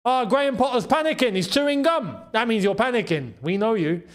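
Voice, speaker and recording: Excitable man hosting a football watchalong. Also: very high voice, fairly quick. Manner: excitable, shouts at goals, chats to viewers. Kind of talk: live match watchalong commentary.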